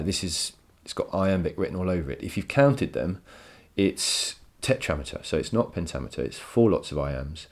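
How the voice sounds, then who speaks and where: A man with a very low voice talks through a poem for his students. He explains with enthusiasm and repeats words as he works out each point. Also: animated, fairly quick, creaky, few pauses. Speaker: teacher. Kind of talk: recorded poetry lesson. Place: home.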